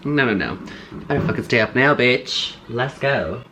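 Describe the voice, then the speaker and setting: A young man vlogging casually from his bedroom, exclaiming and laughing a lot as he clears out his closet. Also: mid-range voice, moderate pace, a little hiss or hum. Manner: animated, exclamatory, laughs often. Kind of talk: casual chat. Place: bedroom at home.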